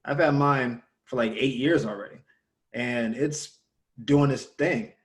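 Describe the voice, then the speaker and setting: A man in casual conversation, telling a story and lively when he quotes others. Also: medium pitch, measured pace.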